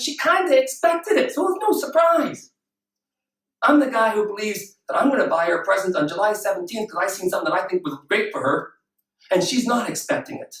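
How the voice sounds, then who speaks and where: A man in his sixties giving an energetic, emphatic motivational talk full of rhetorical questions. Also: very high voice. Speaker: motivational speaker. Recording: echoey room, voice from far off the mic.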